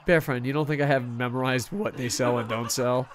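A man giving casual, excitable commentary on a hockey video game stream, swearing often and poking fun at himself. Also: mid-range voice, a little fast. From United States. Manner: excitable, profane, self-mocking.

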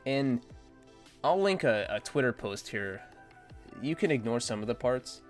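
A man's voice: medium pitch, animated, measured pace, soft background music. A man giving casual, rambling opinion commentary as a gaming content creator, blunt and dismissive.

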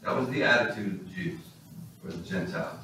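Animated male pastor in echoey church. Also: deep voice, brisk, background noise. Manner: animated, storytelling preacher. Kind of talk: sermon. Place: church sanctuary. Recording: echoey hall, distant mic.

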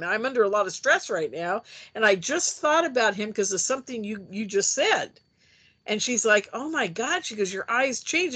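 Animated storytelling woman. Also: on the high side, husky. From United States. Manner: animated, acts out quoted voices; chatty with frequent fillers. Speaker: interview guest, UFO experiencer. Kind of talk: storytelling in a casual interview.

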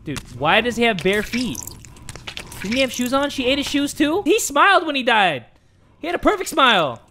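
A young man commentating a horror game, excitable and jokey, dropping to a hush and then shouting. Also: extremely high pitch, moderate pace, a little hiss or hum. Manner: excitable, jokey, swings between hushed and shouting. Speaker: gaming commentator.

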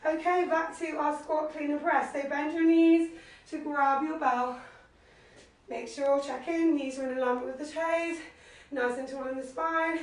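Broadcasting a live workout class from her living room, this instructor speaks a little slowly with fairly even intonation. Breathless, she encourages her class, calls out moves, and counts reps. The audio comes through a low-quality web stream, distant and heavily echoed.

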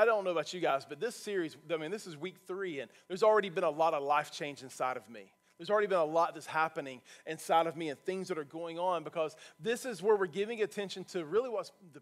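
A male pastor preaching a sermon from a church stage, earnest and building to emphatic points. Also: a little high.

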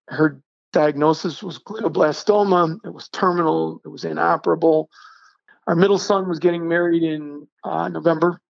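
A middle-aged man, a podcast guest, telling a personal story in an earnest, halting way and acting out the dialogue. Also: on the high side, steady tone, gravelly, dry recording. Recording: dull, dry lo-fi sound.

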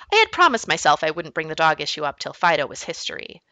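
A woman reads a children's book aloud as a teacher, with an expressive storytelling manner. Her voice is low-pitched but lively and bright. The sound is dry and close. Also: quick pace, no echo. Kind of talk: storybook read-aloud narration.

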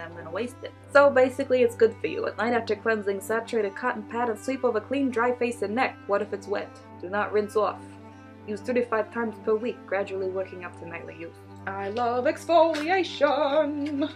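A young woman vlogger casually unboxing beauty products, gushing and giggling as she reads labels aloud. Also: medium pitch.

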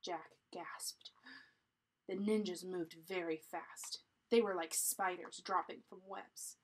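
A woman reading a children's chapter book aloud in a deliberate, teacherly way, pausing to explain. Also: lowish voice, steady tone, poor audio. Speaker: storybook reader.

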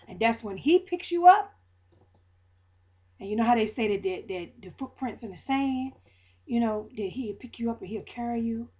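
A woman gives a preachy, casual testimony to viewers and repeats her lines for emphasis. Her voice sits fairly high and speaks in Southern US vernacular. The lo-fi webcam sound is a little dull. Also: lively intonation, normal speed, darkish tone, breathy edge. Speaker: vlogger sharing a faith testimony.

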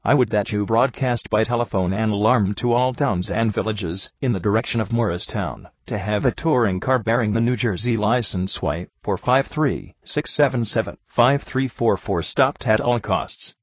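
A man voicing an excitable, flowery French detective who talks theatrically, on a dull, dry, lo-fi recording. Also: fairly low pitch, moderate pace, few pauses, dry recording, lightly acted. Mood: urgent. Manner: theatrical, effusive, exclamatory.

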